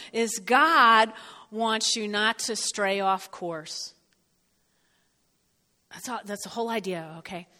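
A middle-aged woman from North Jersey with a New Jersey accent, giving an animated sermon and often checking in with her listeners. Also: on the high side, measured pace, long reverb tail. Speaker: speaker. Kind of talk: sermon with personal storytelling.

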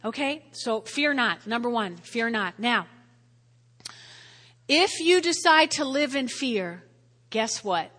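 Woman pastor, high-pitched and bright, conversational sermon with frequent "all right?" check-ins, long reverb. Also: lively intonation, slow, pauses often. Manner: repeats key phrases for emphasis. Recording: long reverb of a large hall.

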